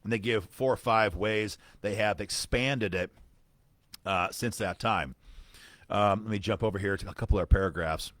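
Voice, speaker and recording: A man's voice: fairly low pitch, normal speed, fairly bright tone, no echo. A man hosting a live-streamed political commentary, fired up and emphatic, repeating phrases for punch and making asides to viewers while reading documents. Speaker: gun-rights advocacy host.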